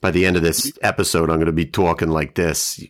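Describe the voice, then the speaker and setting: Deep-voiced New York man, dry and understated. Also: fairly even intonation, brisk. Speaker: podcast co-host. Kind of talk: casual chat.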